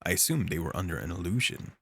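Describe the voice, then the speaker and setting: A man streaming a game, talking casually in an animated, rambling way with restarts. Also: sits low, quick pace, breathy edge, faint music behind. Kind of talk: casual gameplay commentary.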